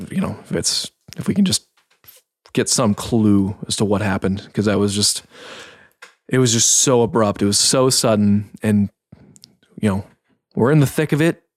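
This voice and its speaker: A man playing a tabletop game, speaking in character in a halting, hesitant way with many restarts. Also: lowish voice, no room sound, studio quality. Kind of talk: in-character role-play.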